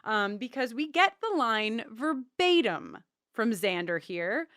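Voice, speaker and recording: A woman's voice: a little high, big pitch swings, slow, a bit bright, clean tone, no room sound, studio quality. Chatty woman podcast co-host. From Long Island. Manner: chatty, self-interrupting, with frequent ums. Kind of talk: casual chat.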